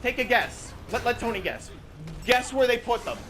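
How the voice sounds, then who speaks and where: A young man with a high voice chats with friends while gaming, ranting in an animated way and swearing as he mocks a movie. Steady noise sits clearly behind his voice on the voice-chat recording. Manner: animated, swearing, mocking retelling with quick put-on quotes. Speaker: channel host.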